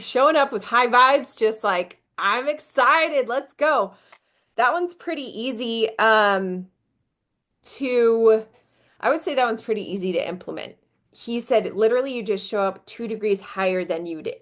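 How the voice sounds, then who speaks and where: Chatty woman hosting a live stream. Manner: chatty, filler-heavy, jumps up high when demonstrating energy. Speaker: host of a live business coaching stream. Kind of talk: casual live-stream talk.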